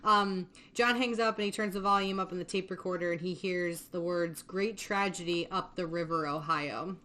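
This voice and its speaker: A woman's voice: lowish voice, fairly even intonation, normal speed, sharp tone. A woman chats her way through a film recap, loose and conversational. She laughs often and swears freely as she goes. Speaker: podcast host. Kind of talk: casual movie recap chat.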